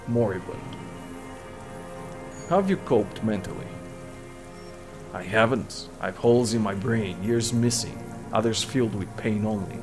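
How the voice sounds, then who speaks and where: A man's voice: fairly low pitch, close to an everyday voice. A man voicing a gaunt, sick old deserter in his sixties who talks in a weary, bitter way. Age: 60s. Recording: music playing behind voice. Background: music.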